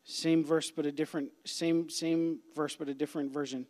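A man preaching a youth sermon as a pastor, impassioned, swinging between hushed whispers and loud cries. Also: on the high side, level tone, moderate pace, hardly any pauses. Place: church sanctuary. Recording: long hall reverb.

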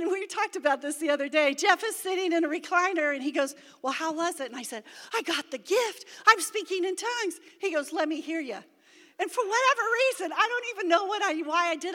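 A pastor's wife in middle age delivers a sermon to her congregation in a very high, bright voice. Her testimony is lively and climbs at times into shouting, and the big church hall gives the sound a long, lingering reverb.

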